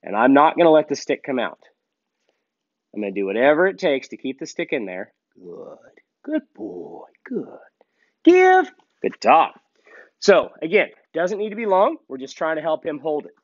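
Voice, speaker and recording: A male dog trainer with a raised, lively voice talks through a hands-on lesson in an easygoing way. He stops now and then to bark out sharp, high commands to the dog. The sound is dull and dry, like a lo-fi outdoor video. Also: brisk, no room sound.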